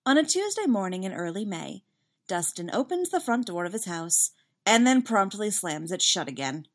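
A woman reading a fan story aloud with lively, expressive narration. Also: mid-range voice, normal speed. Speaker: fanfiction reader.

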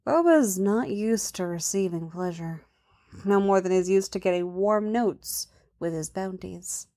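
A woman reading an adult story aloud in a soft, intimate way, often dropping to a hush. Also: mid-range voice, a little slow. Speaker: narrator.

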